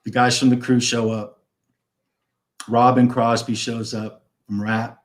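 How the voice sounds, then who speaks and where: A man's voice: medium pitch, little pitch movement, measured pace. Rambling storyteller man in his fifties. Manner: rambling, swears freely, acts out quoted dialogue. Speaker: guest. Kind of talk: casual storytelling on a live stream.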